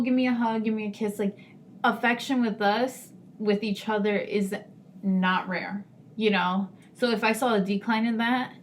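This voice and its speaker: A woman's voice: mid-range voice, a little hiss or hum. Frank, chatty young woman on a podcast. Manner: frank, chatty, laughs often. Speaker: podcast co-host. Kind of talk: casual chat.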